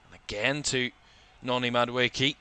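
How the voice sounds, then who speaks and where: Brit guy doing live football commentary, bright crisp voice, short bursts of player names, bit tired. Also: mid-range voice, fairly even intonation, a little slow. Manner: calls player names in short bursts, rising when attacks build. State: tired, yawning. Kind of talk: live watchalong match commentary.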